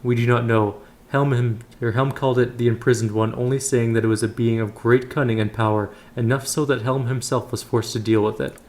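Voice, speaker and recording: A man's voice: medium pitch, steady tone, brisk, few pauses, a little mellow, close to an everyday voice. A man reading a solemn holy knight. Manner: formal, archaic phrasing read aloud. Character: solemn middle-aged male holy knight.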